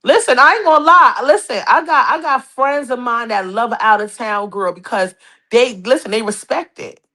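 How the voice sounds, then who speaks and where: A woman's voice: on the high side, moderate pace. Brash New York woman dishing gossip. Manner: brash, animated, profane, mocking. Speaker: podcast host. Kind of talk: casual gossip commentary.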